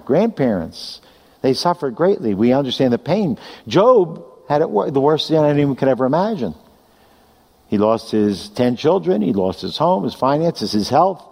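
A man delivers a sermon in an emphatic preaching voice that sits a little high. His words ring out with a long reverb from a large hall. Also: mellow. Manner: emphatic preaching, reading scripture aloud.

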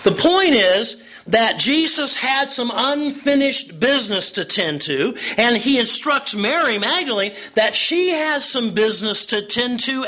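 A man preaching a sermon, telling a scripture story with animated, expressive delivery and acted-out quotes. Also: very high-pitched, poor audio. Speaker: pastor.

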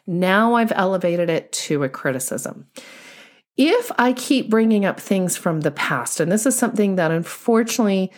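A woman's voice: mid-range voice, lively intonation, moderate pace. A woman couples therapist giving an instructional talk, explaining ideas step by step through examples.

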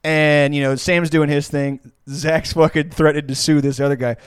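A man hosting a podcast who tells a story in a casual, rambling, profane and animated way. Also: fairly high pitch, normal speed, clear, resonant tone, no room sound, studio quality.

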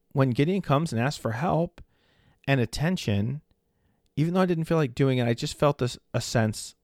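A man in his forties talks through a faith-based podcast in a relaxed storytelling way. His voice sits at an ordinary middle pitch, close to the mic in a dry, dead room. He keeps checking in with "right?" as he goes. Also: dry recording. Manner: conversational storytelling, frequent "right?" asides. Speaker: podcast host.

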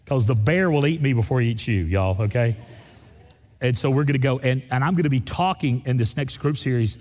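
A man preaching a sermon as pastor, asking the congregation questions and jumping high in pitch for emphasis. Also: fairly quick, a little mellow. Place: church sanctuary. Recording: long hall reverb of a church.

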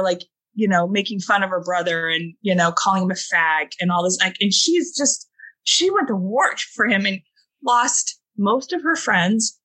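A woman in her forties tells a family story as a podcast guest, heartfelt and full of fillers. Her voice is bright and forward, with a husky edge. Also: medium pitch, low-quality recording. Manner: heartfelt, many fillers, quotes her kids. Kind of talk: emotional storytelling in a podcast chat.

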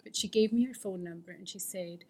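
Speaking briskly in a warm, medium-pitched voice, this woman tells a fellowship her recovery story. She is candid and earnest, frequently sinking almost to a whisper.

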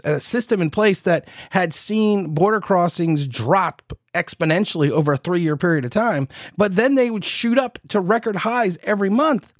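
A man in his forties rants sarcastically on his podcast, his pitch leaping and swooping as he mocks what he hears. His voice sits a little high and is recorded dry and close. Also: no echo. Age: 40s. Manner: sarcastic, incredulous, with mocking asides and laughs. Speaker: podcast host. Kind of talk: opinionated political commentary.

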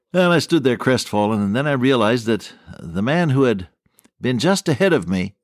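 A man's voice: on the low side, no room sound, studio quality. An older man preaching a radio sermon, telling stories in a folksy, earnest way.

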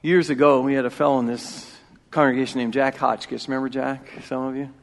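A man in his forties preaching a sermon as pastor, emphatic and repeating key phrases, swinging between loud and hushed. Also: medium pitch, flat delivery, a little fast. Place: church sanctuary. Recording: long reverb of a church hall.

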